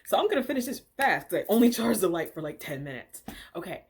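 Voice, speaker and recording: Young woman, casual storytime vlog, chatty, exasperated, filler-heavy, mid-pitched. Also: big pitch swings, fast, a little mellow, slightly rough. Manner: chatty and exasperated, swears and laughs, full of filler words. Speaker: vlogger.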